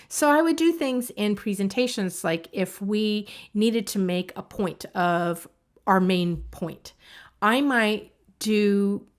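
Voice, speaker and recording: A woman coach teaching in a casual, conversational way, slipping into acted-out self-talk with shifting emphasis. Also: mid-range voice. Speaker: creativity coach.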